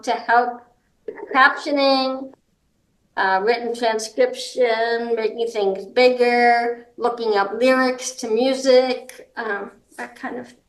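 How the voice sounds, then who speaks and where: A woman speaking as a guest advocate, giving practical advice in an informal, halting way with many ums and restarts. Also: on the high side, fairly bright tone. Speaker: guest, hard of hearing and seniors advocate. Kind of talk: explanatory advice talk. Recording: roomy echo.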